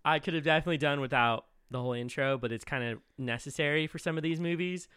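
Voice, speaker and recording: A man co-hosting a casual podcast chat, reacting with animated jokes and swearing. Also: fairly high pitch, quick pace, clear, resonant tone, no room sound, clean studio sound. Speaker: podcast co-host.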